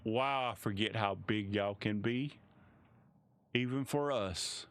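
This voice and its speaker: A man putting on a polite, matter-of-fact receptionist woman at a city desk in a tabletop game, unhurried and welcoming. Her voice stays smooth and clear, close and dry with no room around it. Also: on the low side, dry recording.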